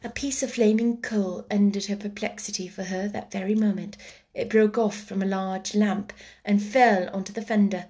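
A woman narrating a classic children's story aloud, expressive, sometimes slipping into a hushed whisper. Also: medium pitch, moderate pace. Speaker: audiobook narrator.

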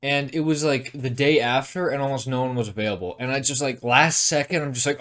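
A young man hosting a podcast, excitable and swearing a lot in casual chat. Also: mid-range voice, brisk. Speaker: podcast host.

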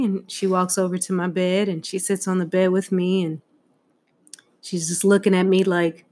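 Her fairly low, warm voice stays flat at a normal speed. As a guest paying tribute to her mother for Mother's Day, the middle-aged woman shares a heartfelt story candidly, laughing frequently and imitating quoted voices.

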